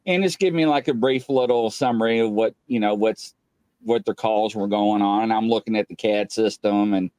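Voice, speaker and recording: A middle-aged man, a police captain as the show's guest, telling a casual rambling story full of filler "uh"s and quoted dialogue he acts out with sudden jumps up in pitch. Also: moderate pace, no echo. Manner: animated, jumps up in pitch when acting out quoted speech; loose and rambling with many filler "uh"s.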